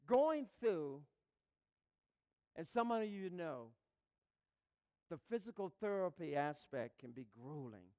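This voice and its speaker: A man with a high voice delivers a live motivational speech to an audience. He tells his story with passion, dropping to a hush and then swelling to a shout. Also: animated, slow pace, long pauses, big-room sound. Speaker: motivational speaker. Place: live event hall, in front of an audience.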